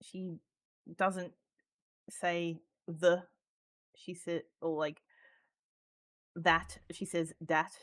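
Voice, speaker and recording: Chatty Australian woman, low voice. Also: flat delivery, extremely slow, long pauses, fairly bright tone. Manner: chatty, swears freely, many ums, laughs often. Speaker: podcast guest, roleplayer. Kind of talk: casual chat.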